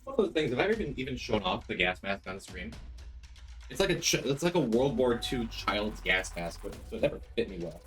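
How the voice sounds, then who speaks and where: Lively male streamer, excited greetings. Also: fairly quick, soft background music. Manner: animated, jumps into excited high greetings. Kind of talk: casual game-stream chat. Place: home room.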